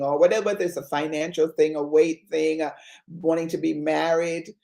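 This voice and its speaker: A woman's voice: low voice, fairly even intonation, normal speed, vocal fry, mellow. A woman hosting a Christian talk show, speaking with an emotional, exhorting preacher's cadence. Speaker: ministry talk show host. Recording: roomy echo.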